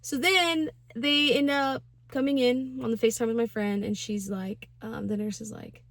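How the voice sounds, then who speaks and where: A woman's voice: a little high, steady tone, normal speed, gravelly, fairly bright tone, no room sound. A young woman in her twenties telling a personal story in a casual vlog, chatty and slangy with lots of fillers. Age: 20s. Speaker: vlogger.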